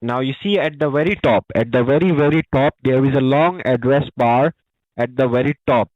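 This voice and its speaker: A man's voice: mid-range voice, normal speed, no room sound. Support-agent caller, man, mid voice, constant apologies; dull, dry phone audio. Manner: overly polite, apologetic, keeps saying ma'am. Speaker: scam caller posing as tech support. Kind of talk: scripted support phone call. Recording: muffled phone line.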